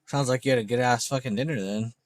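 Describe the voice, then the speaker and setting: A man's voice: medium pitch, fast talker, no room sound. A man hosting a casual livestream, chatting loosely with viewers and joking around, swearing now and then. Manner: loose, joking, swears casually, laughs at his own jokes. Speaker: livestream host. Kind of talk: casual livestream chat reading viewer comments.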